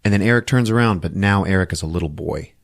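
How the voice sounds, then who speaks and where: A man on a podcast excitedly retelling a movie plot, swearing freely and acting out the characters' lines in put-on voices. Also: low-pitched, fast, creaky, no room sound. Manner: profane, acts out lines in voices, laughs often. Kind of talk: animated casual movie recap.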